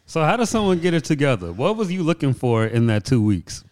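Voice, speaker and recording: A man's voice: a little high, sing-song, fairly quick, a little mellow. A young adult man co-hosting a podcast in casual chat, throwing dry, slangy, teasing comebacks. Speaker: podcast co-host.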